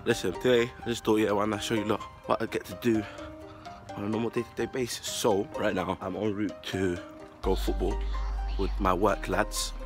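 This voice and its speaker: A man's voice: fairly low pitch, level tone, moderate pace, over music. A young man, vlogging casually with cheeky, joking street slang. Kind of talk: casual vlog chat.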